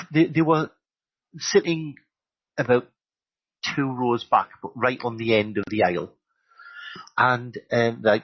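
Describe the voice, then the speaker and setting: A husky-voiced English man spins a lively anecdote as a medium at a talk, peppering it with "you know". His voice is dry and close, and the recording sounds dull and lo-fi. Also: medium pitch, no room sound. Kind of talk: storytelling at a live talk.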